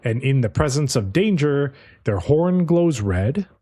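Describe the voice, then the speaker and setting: A man's voice: medium pitch, measured pace. A man co-hosting a podcast, casually recapping an anime episode with profanity and playful character impressions. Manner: animated, profane storyteller, playfully mimics characters. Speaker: podcast co-host.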